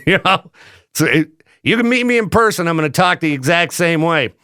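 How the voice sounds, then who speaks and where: A man's voice: on the high side, normal speed, smooth, no echo, clean studio sound. A man hosting a morning radio show, chatting casually and joking with frequent laughs. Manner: animated, joking, laughs often. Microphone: studio microphone.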